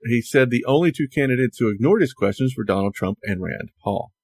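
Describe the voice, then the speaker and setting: A man co-hosting a casual podcast, chatting and relaying news with halting restarts. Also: medium pitch, lively intonation, slightly rough, no echo. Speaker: podcast co-host.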